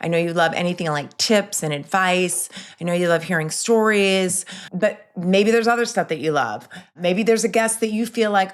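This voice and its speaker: A middle-aged woman talks on her own podcast in a lowish voice. She sounds upbeat and chatty, and she often restarts her sentences and drifts into asides. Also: normal speed, smooth. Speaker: podcast host. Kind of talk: solo podcast chat.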